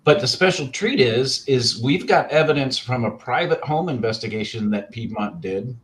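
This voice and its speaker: A man with a mid-range voice hosts the show, introducing guests in an even, friendly way. A faint noise sits under his voice. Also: mid-range voice, normal speed, rough recording. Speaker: host.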